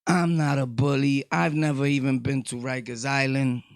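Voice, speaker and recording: Loud gravelly New York man. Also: level tone, moderate pace, no echo, clean studio sound. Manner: loud, shifting between shouting and low talk. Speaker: vlogger. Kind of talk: casual rant to camera.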